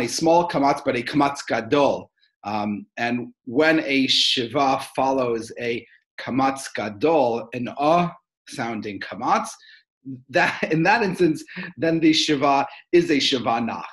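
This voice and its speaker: A man's voice: mid-range voice, rough recording. A man giving a lecture, explaining step by step with frequent "uh" fillers and "right?" checks to his listeners. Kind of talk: recorded lecture.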